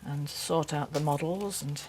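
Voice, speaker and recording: A woman's voice: deep voice, a little slow. A middle-aged woman, chatting casually in a teasing way. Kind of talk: casual chat. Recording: noticeable background noise.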